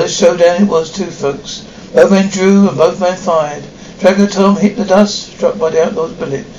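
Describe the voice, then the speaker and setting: A man's voice: high-pitched, distant mic, heavy background noise. An actor playing a folksy tour guide in a TV series, talking with drawling showman patter as he leads visitors around a ghost town. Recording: dull roomy TV soundtrack.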